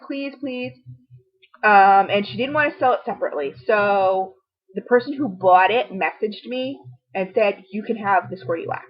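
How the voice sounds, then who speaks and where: Gushing chatty woman on lo-fi video. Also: medium pitch. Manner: gushing and chatty, many fillers and asides. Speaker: beauty and home product vlogger. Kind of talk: casual product review to camera. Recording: dull lo-fi home video audio.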